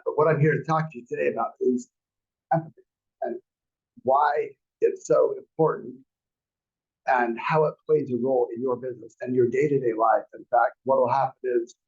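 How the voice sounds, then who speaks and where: A man's voice: medium pitch, creaky, dull audio. A man teaching a classroom lecture in a conversational, rambling way with many restarts. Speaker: real estate class instructor.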